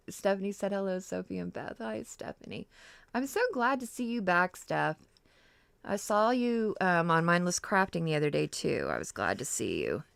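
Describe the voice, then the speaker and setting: Middle-aged lady chatting while she crafts, gravelly low voice, swoopy up and down, lots of ums. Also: big pitch swings, measured pace, dry recording. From Ohio, US. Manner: chatty, rambling, with frequent fillers and laughs. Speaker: crafting livestream host. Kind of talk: casual chat while crafting.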